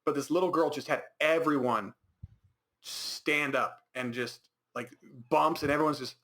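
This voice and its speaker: A man's voice: on the high side, unhurried, bright, forceful tone. A man with an American accent co-hosting a casual podcast, rambling with many fillers and restarts. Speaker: podcast co-host. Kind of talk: casual chat.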